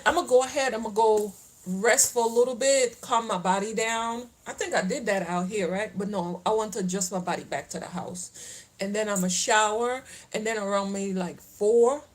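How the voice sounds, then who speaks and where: Recorded on poor-quality audio, this medium-pitched woman is a middle-aged Caribbean islander whose accent mixes Caribbean and Southern US sounds. As a lifestyle vlogger, she rambles casually to viewers outside before making her way home, laughing often.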